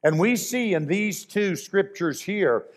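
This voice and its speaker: A man with a fairly high voice preaches to his congregation. He speaks earnestly and with emphasis, driving his main points home by saying them again. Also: animated, slow. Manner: earnest, emphatic, repeats key phrases. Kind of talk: sermon.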